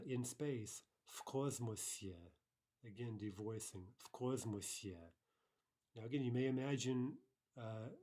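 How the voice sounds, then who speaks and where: A man giving a recorded grammar lesson, patiently saying each phrase slowly twice, with fillers and self-corrections. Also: lowish voice, mellow. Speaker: language teacher.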